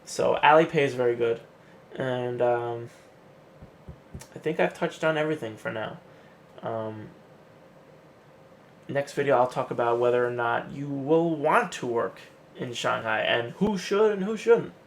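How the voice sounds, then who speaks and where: Man, casual vlogger, gravelly voice, chatty and animated, faint background hum. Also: mid-range voice, measured pace, pauses often. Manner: chatty, acts out quotes in an animated way. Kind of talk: casual vlog talk.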